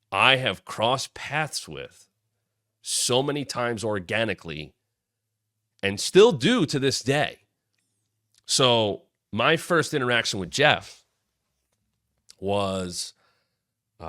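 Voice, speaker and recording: A man in his thirties tells stories in a low, forceful voice recorded dry and close. He rambles and restarts, then punches up quoted lines with sudden loud bursts. The tone is animated and casual. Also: dry recording. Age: 30s. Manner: rambling, with frequent restarts and asides. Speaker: show host. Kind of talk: casual storytelling.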